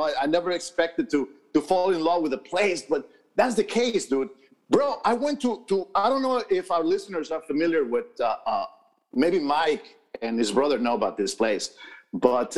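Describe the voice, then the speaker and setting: A man co-hosting a podcast in casual, profane chat, rambling with many fillers and restarts. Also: on the high side. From New York. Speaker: podcast co-host. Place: podcast studio.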